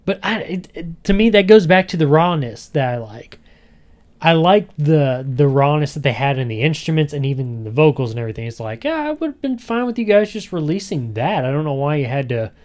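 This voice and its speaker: Guy hosting a podcast, rambly and chatty, laughs a lot, regular pitch. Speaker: podcast host. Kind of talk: casual chat.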